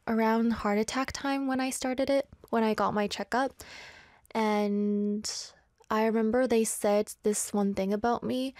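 A woman's voice: a little high, a little mellow, no echo. Playful young woman radio DJ, dry sound. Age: 20s. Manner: chatty, playful, self-teasing. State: a little out of breath. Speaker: radio DJ and live stream host. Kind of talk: casual radio chat reading live comments. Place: small studio, in a Korean city.

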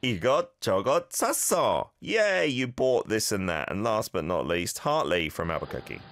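A man hosting a language lesson show, patiently and encouragingly modelling phrases and gently correcting listeners' pronunciation. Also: sits low, sing-song, moderate pace, gravelly, slight background noise. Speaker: host and language teacher. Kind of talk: radio-style language lesson with listener feedback.

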